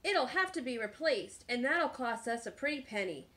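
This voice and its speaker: A woman's voice: fairly high pitch, animated, moderate pace, bright, forceful tone. Woman doing a hollering pirate captain, Braidbeard. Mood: blustering. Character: loud blustering male pirate captain.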